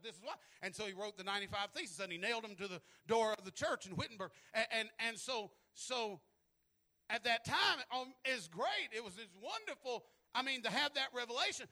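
Male preacher, high bright voice, storytelling that swells into shouted preaching. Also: expressive, fairly quick. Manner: repeats words when starting phrases. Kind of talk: sermon.

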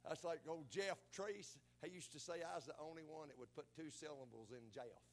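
Folksy high-voiced Southern preacher. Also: male voice, normal speed. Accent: rural Southern American. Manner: folksy, emphatic preaching with loud shouted peaks. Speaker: pastor. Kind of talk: sermon.

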